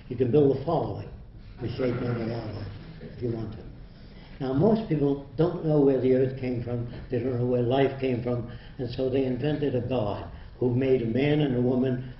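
A man's voice: mid-range voice, slight background noise. An older man giving a public lecture, blunt and mocking, laughing at his own jokes. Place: lecture hall. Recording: dull echoey hall recording.

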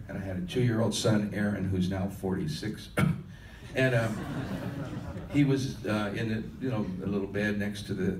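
A man's voice: on the low side, darkish tone, a little hiss or hum. An older man, a musician, telling a rambling story to an audience at a live question-and-answer session. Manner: loose, rambling storyteller with restarts. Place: conference hall. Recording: echoey hall, heard from far off.

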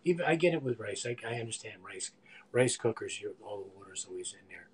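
A man's voice: on the low side, expressive, fast talker, husky. A man in his sixties chatting in a rambling, meandering way while cooking live in his home kitchen, often trailing off into mumbled asides. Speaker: live-stream cook. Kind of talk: rambling live-stream chat.

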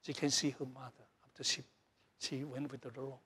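A middle-aged man from Taiwan, a Taiwanese native speaker, preaching a sermon in broken English full of repeats and fillers, swinging between loud high bursts and soft low lines. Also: brisk, breathy edge. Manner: animated, jumps between loud highs and soft lows. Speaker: pastor.

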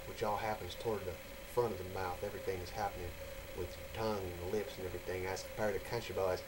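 A man's voice: deep voice, level tone, quick pace, background noise. A man from the United States giving a casual, rambling explanatory talk for his video channel, full of fillers and restarts. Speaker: vlogger.

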